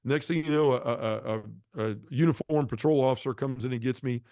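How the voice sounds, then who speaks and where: A man tells his life story earnestly and at a quick clip, acting out what people said. His voice sits in a middle register and is recorded close and dry, with no room sound. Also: mid-range voice, a little mellow, no room sound. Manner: earnest, acts out quoted dialogue. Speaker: podcast guest. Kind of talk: personal testimony storytelling.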